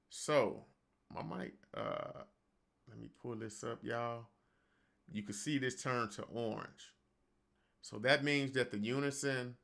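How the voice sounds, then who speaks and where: A man with a mid-range voice, vocal fry and a pushed, bright quality hosts a relaxed home-studio software tutorial captured by screen recording. He talks conversationally, calls viewers "y'all," and speaks into a studio microphone.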